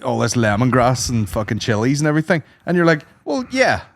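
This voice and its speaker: A man's voice: mid-range voice, fast talker, no echo. A man co-hosting a podcast, telling rambling, profane stories in casual comedic chat. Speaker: podcast co-host.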